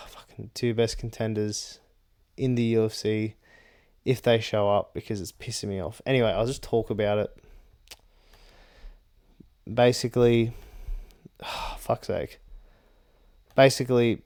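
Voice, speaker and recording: Young guy ranting about fight picks, lowish smooth voice, swears a lot, says bro and like constantly. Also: a little mellow. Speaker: MMA fight predictor. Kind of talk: casual fight-prediction rant.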